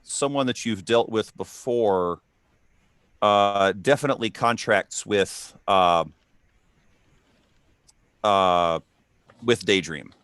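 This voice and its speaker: Low smooth guy running the game, lots of ums, dry sound. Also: slow pace, pauses often, a bit bright, no room sound. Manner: hesitant, lots of ums and uhs. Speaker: game master. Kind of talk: running a tabletop role-playing game.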